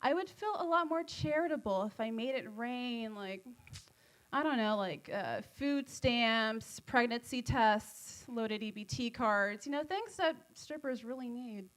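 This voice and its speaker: At an open mic on a comedy club stage, a woman high on edibles does a rambling, giggly stand-up set full of self-deprecating jokes. She sounds animated and unhurried.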